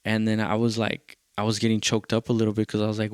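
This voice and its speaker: A man's voice: on the low side, level tone, a little fast, hardly any pauses, a little mellow, no room sound, clean studio sound. A male podcast host, telling a loose, profane story in a casual rambling way and dropping in Spanish phrases.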